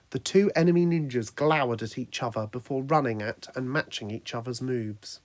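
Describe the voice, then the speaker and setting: A man's voice: medium pitch, moderate pace, hardly any pauses, a little mellow, dry recording. A man narrating a fan fiction action story, reading steadily aloud.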